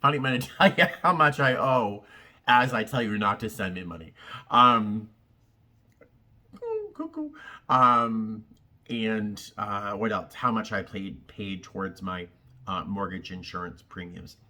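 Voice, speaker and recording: A man from Massachusetts talks straight to his viewers in a casual, heartfelt vlog. He halts and rambles, stacking ums and restarts as he searches for words. His voice sits on the lower side but comes through bright and forward. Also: measured pace. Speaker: vlogger. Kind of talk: casual direct-to-camera chat.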